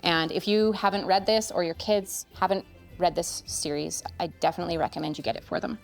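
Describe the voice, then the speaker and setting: A woman's voice: on the low side, steady tone, a little fast, vocal fry. A woman in her thirties talking to camera as a parent, recommending gifts in an earnest, chatty way. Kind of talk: casual review vlog. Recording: faint music behind.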